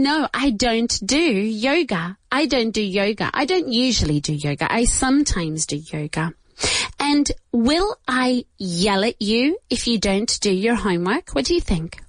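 Slow, patient female English teacher. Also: medium pitch. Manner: patient, repeats each word for students to echo; switches briefly into Spanish to explain. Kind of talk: slow, drilled beginner English lesson.

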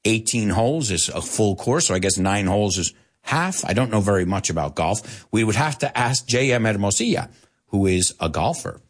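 A man teaching English to Spanish speakers, animated, explaining and repeating words as he goes. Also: lowish voice, moderate pace, breathy edge. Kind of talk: bilingual language lesson.

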